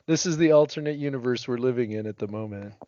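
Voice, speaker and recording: A man's voice: medium pitch, quick pace, mellow, muffled recording. A man co-hosting a podcast, trading jokes and chuckling in casual chat. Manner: joking, chuckling banter. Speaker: podcast co-host.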